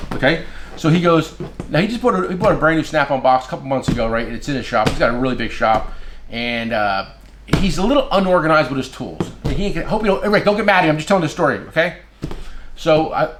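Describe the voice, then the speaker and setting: A man's voice: a little high, fast talker, reverberant, noisy background. A man who works as a tool dealer, telling stories in a casual chat and acting out the voices of the people he quotes. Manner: animated, acts out quoted voices, swears.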